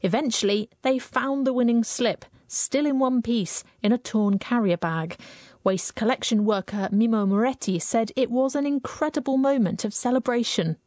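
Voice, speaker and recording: A woman reporter narrating a scripted news story with clear storytelling delivery. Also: a little high, moderate pace, darkish tone.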